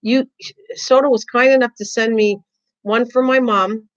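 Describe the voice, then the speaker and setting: A woman hosting a crafting livestream, chatting with her viewers in an excitable, rambling way and often repeating herself. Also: a little high, moderate pace. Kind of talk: casual chat reading viewer comments. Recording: dull lo-fi livestream audio.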